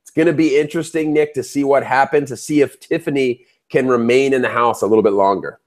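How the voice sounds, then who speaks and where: A young man in a casual chat, talking in a mid-range voice with an animated, joking manner. He asks questions and riffs along with his co-host. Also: mid-range voice, fast. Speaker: co-host, superfan.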